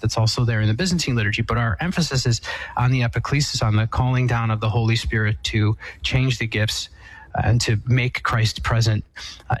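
A man of middle pitch, an Eastern Catholic priest, takes a listener's question on a call-in program. He explains patiently and reflectively, circling back and restarting phrases as he works toward the point. His voice is close and dry in a studio. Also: dry recording, poor audio. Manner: thoughtful, explanatory, with frequent restarts. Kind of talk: call-in Q&A answer.

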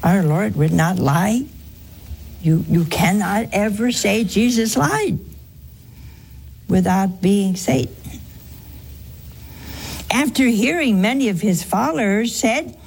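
Host for a faith call-in show: a woman with a husky voice, slow and deliberate, emphatic and earnest. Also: medium pitch, expressive, darkish tone. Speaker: host answering a caller. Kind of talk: religious call-in teaching.

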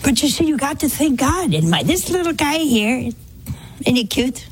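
A woman's voice: sits high, big pitch swings, normal speed, slight background noise. A woman giving a spoken sermon to a congregation in a folksy way, full of rhetorical questions and anecdotes. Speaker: religious speaker.

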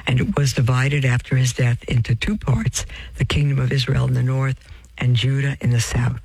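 Male preacher, gravelly and a little husky, reads a religious text aloud and drifts into asides, close dry sound. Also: mid-range voice, moderate pace, a little mellow, no echo, poor audio. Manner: addresses listeners as beloved, reads with off-script asides and self-corrections. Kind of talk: sermon reading from a text with asides.

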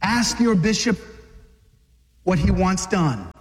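A man preaching an impassioned sermon to a group of men, exhorting them and rising to shouts. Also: high voice, very animated, takes it slowly, in a large hall. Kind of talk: fiery sermon.

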